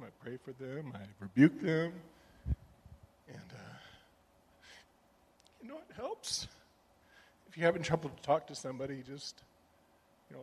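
A middle-aged man sharing a personal testimony with a church group, soft-spoken and halting, with many fillers. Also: mid-range voice, slight background noise.

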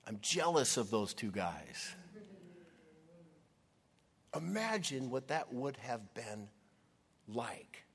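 A man's voice: mid-range voice, very animated, slow pace, pauses often, a bit bright, slightly rough. A man preaching a sermon, earnest and conversational, acting out scenes as he retells them. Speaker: pastor.

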